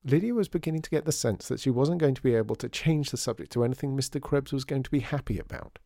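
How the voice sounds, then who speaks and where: A man narrating a story in an expressive reading style. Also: medium pitch, quick pace, vocal fry, no room sound, clean studio sound.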